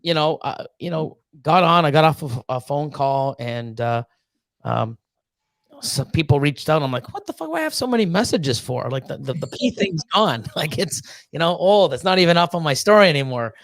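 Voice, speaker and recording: A man hosting a casual live show, telling stories in a profane, animated way, often laughing mid-sentence and acting out what others said. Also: fairly high pitch, moderate pace, dry recording. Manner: acts out quoted exchanges with voice changes. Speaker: host of a reptile-keeping live show. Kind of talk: casual live-stream chat.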